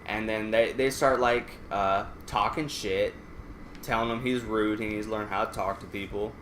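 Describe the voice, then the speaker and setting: A man's voice: fairly low pitch, steady tone, moderate pace, a bit bright, slight background noise. A man casually telling a rambling, profane story while playing a game. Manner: profane, rambling anecdote with restarts. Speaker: let's play gamer. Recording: echoey room.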